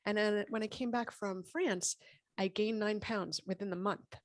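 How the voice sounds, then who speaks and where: A woman in her fifties recounts her own health history as a guest in a casual interview. She tells it with animation and slips into acted dialogue. Her voice sits at a middling pitch, recorded close and dry with no room sound. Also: moderate pace, dry recording. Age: 50s. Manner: animated, acts out quoted dialogue. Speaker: podcast guest, gynecologist.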